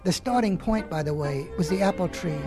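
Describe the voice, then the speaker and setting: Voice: medium pitch, fairly quick, over music. A storyteller reading a children's animal tale in a folksy way, with chatty asides to the listener.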